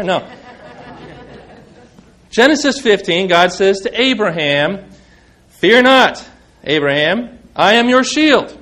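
High-voiced male preacher, emphatic. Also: lively intonation, takes it slowly, long pauses, fairly bright tone. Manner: emphatic, rising when quoting scripture, conversational asides to the congregation. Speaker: pastor. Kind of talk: sermon.

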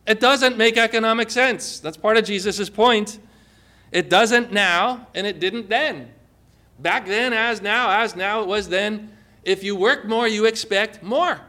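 A man preaching a sermon with an animated delivery, full of rhetorical questions and dramatic emphasis. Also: high-pitched, unhurried.

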